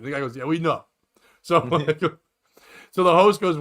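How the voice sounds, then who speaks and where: Bright-voiced rambling comic storyteller, a man. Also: a little high, normal speed. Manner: rambling, animated storyteller acting out quotes. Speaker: comedian and podcast host. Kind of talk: casual storytelling chat.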